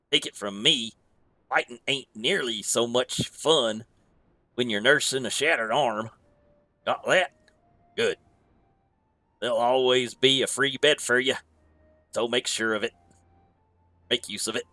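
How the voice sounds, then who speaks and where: A man doing a gruff, scheming pirate innkeeper. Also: mid-range voice, pushed and bright, no room sound. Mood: wry. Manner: old sea-dog dialect, drawn-out reading. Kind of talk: reading game dialogue aloud.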